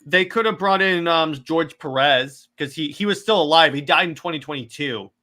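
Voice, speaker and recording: Guy with a bright tense voice, kinda high, rambles and restarts a lot while chatting. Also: moderate pace. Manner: excited, rambling with frequent restarts and stammers. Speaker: podcast co-host. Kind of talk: casual chat.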